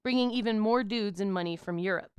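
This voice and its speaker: A woman narrating history for a podcast in a loose, irreverent way, full of slang and small stumbles. Her voice is smooth and clean. It sits dry and close on the mic. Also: medium pitch, a little fast, dry recording. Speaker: podcast co-host.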